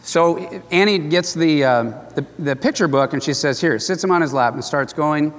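A man's voice: fairly high pitch, moderate pace, long reverb tail. Older pastor man, conversational sermon. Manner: conversational, earnest storyteller. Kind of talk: sermon with storytelling.

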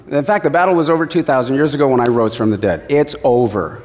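A man preaching a sermon as pastor, telling stories and acting out the voices he quotes with lively energy. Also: mid-range voice, fast, hardly any pauses, in a large hall.

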